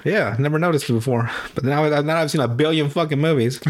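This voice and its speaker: Rambling, swearing man recapping movies. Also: fairly high pitch. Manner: rambling, swears often, acts out characters with quick put-on voices. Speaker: podcast host. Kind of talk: casual movie recap chat.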